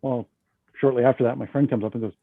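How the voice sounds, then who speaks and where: A man telling a story in casual chat, swearing freely and growing animated as he retells what happened. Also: medium pitch, fast, vocal fry, no room sound. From Canada. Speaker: guest musician. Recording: tinny phone-like line, dry.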